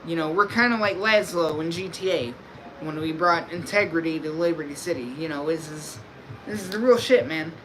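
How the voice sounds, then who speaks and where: A man's voice: fairly high pitch, normal speed, noisy background. A man streaming live, talking to his audience in a loose, rambling, crude way. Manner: rambling, crude, laid-back. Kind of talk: casual live-stream chat.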